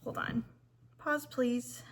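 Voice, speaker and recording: A woman's voice: high-pitched, fairly even intonation, slow pace. A woman who designs fabric and runs a shop, chatting casually to viewers with frequent ums and restarts.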